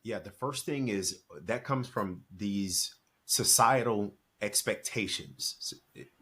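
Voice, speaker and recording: A man's voice: on the low side, slow, bright, forceful tone, breathy edge. A man in his forties, a podcast guest, talking earnestly and telling a personal story, acting out the dialogue. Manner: earnest, emphatic, acts out quoted dialogue. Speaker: podcast guest, speaker and author. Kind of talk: reflective storytelling in conversation.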